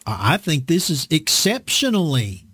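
Folksy preacher guy, lively up-and-down voice, really leans on his points. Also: on the high side, normal speed, husky, no echo, clean studio sound. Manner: folksy, emphatic, repeats phrases for effect. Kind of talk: conversational sermon.

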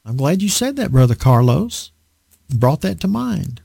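He talks at normal speed in a higher register, with vocal fry and a breathy edge, captured in studio quality with no room sound. The sermon is animated and conversational, a Bible lesson dotted with rhetorical questions aimed at the audience.

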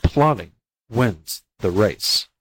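A man voicing a patient male tortoise in a storybook fable, speaking quietly, slowly and deliberately. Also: lowish voice, expressive, slightly rough, dry recording, heavily acted. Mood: calm.

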